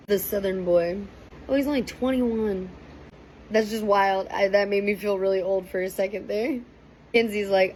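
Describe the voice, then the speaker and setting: A young woman casually recapping and reacting to a TV episode, chatty and animated, with a faint hiss behind her. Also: mid-range voice, normal speed, poor audio. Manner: chatty, animated, quotes people in raised voices. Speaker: reaction commentator.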